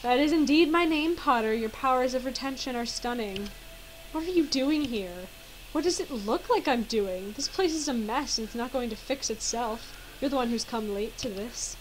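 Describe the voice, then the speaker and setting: A woman reading the lines of a haughty, sharp-tongued young rival wizard in her own voice. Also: a little high, lively intonation, normal speed, a little hiss or hum, natural voice, poor audio. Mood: snide.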